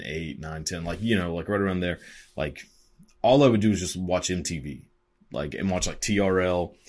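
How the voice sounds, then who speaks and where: A man's voice: deep voice, breathy edge. A man in his twenties talking in a rambling, profane, casual monologue, full of fillers and laughter.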